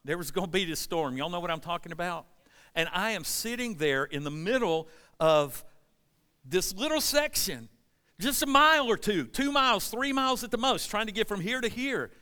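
Pastor, male, slightly high and bright voice, chatty preaching that turns to the congregation with questions, long hall reverb. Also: expressive, normal speed, smooth. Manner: storytelling, asks the congregation questions. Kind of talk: conversational sermon. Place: church sanctuary.

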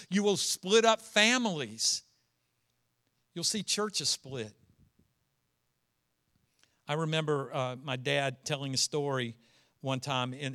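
A middle-aged man preaching a sermon, animated, acting out quoted complainers and dropping to a low confiding voice for asides. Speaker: pastor.

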